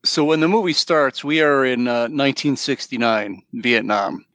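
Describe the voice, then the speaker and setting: A man co-hosting a casual movie podcast, summing up the plot in a relaxed, joking way. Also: mid-range voice, normal speed, no room sound.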